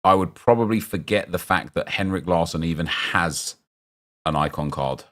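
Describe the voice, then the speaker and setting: A man's voice: deep voice, normal speed, a bit bright. A young man chatting casually as he streams a football game, rambling and answering his viewers' chat as he reacts to picks.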